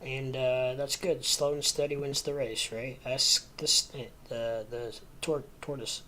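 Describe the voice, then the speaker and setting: A man's voice: mid-range voice, little pitch movement, slow, bright, forceful tone, a little hiss or hum. A man hosting a casual livestream from home, sleepy and rambling with lots of ums and uhs. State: sleepy, yawning. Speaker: livestream host.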